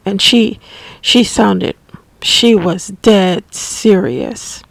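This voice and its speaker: A woman telling a personal story as a caregiver, unscripted, halting and restarting often. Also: medium pitch, vocal fry, no echo. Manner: halting, with frequent restarts and soft asides. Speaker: family caregiver sharing memories.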